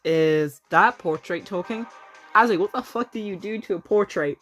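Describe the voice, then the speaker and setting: A woman's voice: mid-range voice, normal speed, fairly bright tone, soft background music. A woman reading a game's dialogue aloud in a casual playthrough, breaking off with blunt, sweary asides.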